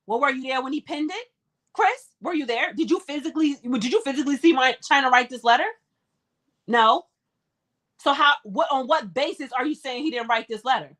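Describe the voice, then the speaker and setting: A woman with a high-pitched voice hosts a live-stream commentary. She talks with passion and keeps pressing rhetorical questions. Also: lively intonation, moderate pace, a bit bright. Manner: impassioned, fires rhetorical questions.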